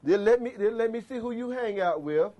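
A man preaching a sermon with passion, swinging between loud exhortation and low murmurs. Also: lively intonation, a little fast, highs cut off.

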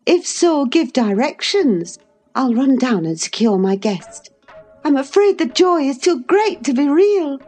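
A woman reading an audiobook, voicing an impetuous, excitable young lady of the manor in a high, eager voice. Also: a little slow, soft background music, full character voice. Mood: coaxing. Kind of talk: audiobook character voice.

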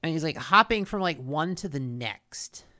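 A woman's voice: deep voice, lively intonation, moderate pace, pushed and bright. A woman co-hosting a casual chat, recapping a cartoon episode in a rambling way with lots of fillers and restarts. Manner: rambling, filler-heavy storytelling with frequent restarts.

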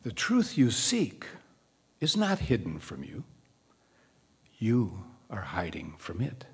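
Calm wise old rabbi, slow and hushed, low gravelly voice, read by a man in a sermon. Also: exaggerated voice.

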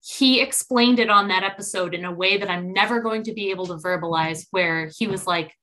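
A young woman chatting casually, telling a story with lively acted-out quotes and sudden jumps up in pitch. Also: a little fast. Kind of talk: casual chat.

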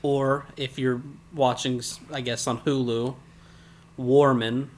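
A man's voice: medium pitch, level tone, slow, slight background noise. A man co-hosts a casual anime recap podcast. He talks in a middle-range voice and adds dry, sarcastic comments to his partner's recap. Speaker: podcast co-host.

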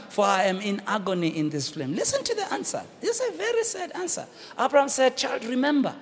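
A man with a South African accent preaching a sermon, shouting and dramatic, switching between languages. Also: very high voice, sing-song, quick pace, few pauses. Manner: fiery, shouting, code-switching, theatrical. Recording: reverberant hall with faint noise.

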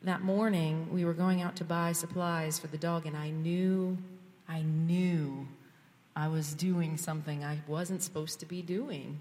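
A woman's voice: low-pitched, steady tone, a little slow, darkish tone. A woman speaking at church, giving a candid personal testimony that builds to fervent prayer. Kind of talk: sermon testimony. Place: church sanctuary. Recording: long reverb of a church hall.

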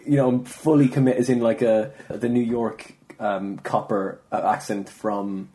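A man with a mid-pitched voice in a relaxed conversation. He keeps chiming in to agree and throws in jokey asides. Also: a little slow. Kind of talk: casual chat.

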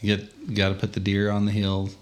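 Upbeat texan dude, low voice, joking around on a podcast. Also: male voice, monotone, moderate pace. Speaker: podcast co-host. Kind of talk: casual chat.

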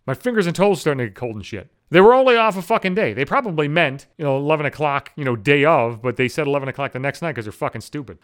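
A man's voice: a little high, fairly bright tone. A young man from the Buffalo area, ranting casually with constant swearing and filler words, sounding exasperated. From Buffalo, New York. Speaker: vlogger. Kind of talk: profane casual rant.

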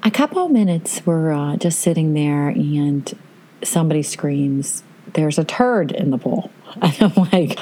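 A middle-aged woman hosting a podcast, telling a family vacation story in a chatty, animated way. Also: sits low, normal speed. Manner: chatty, animated retelling with quoted voices. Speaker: podcast host. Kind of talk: casual storytelling.

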